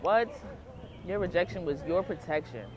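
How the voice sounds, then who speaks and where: A woman tarot reader telling a story in a casual vlog, animated, dramatic and full of swearing. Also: lowish voice, moderate pace, crowd noise.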